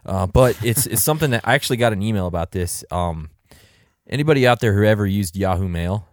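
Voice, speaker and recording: Man, podcast co-host, low voice, casual chat, relaxed, dry close sound. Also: quick pace, no room sound. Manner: relaxed, filler-heavy, reads listener email aloud.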